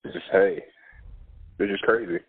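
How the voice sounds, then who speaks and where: A man with a low, husky voice tells stories in a laid-back way and laughs often. He is a school counselor and a guest on a casual podcast. The audio is narrow and phone-like. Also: normal speed.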